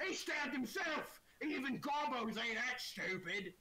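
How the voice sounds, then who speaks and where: A man doing slow, mocking orc muttering. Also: extremely high pitch, animated, sharp tone, pitched above the performer's own voice, full character voice. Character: crude dim-witted male orcs muttering.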